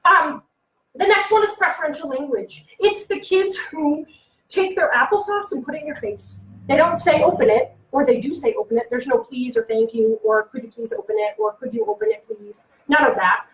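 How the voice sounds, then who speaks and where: High-voiced woman teacher doing a parenting talk, acts out kid voices, kinda far off in an echoey room. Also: slight background noise. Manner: animated, acts out kids and adults in quick voices. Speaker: early childhood educator giving a workshop. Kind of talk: parenting workshop talk to a live audience.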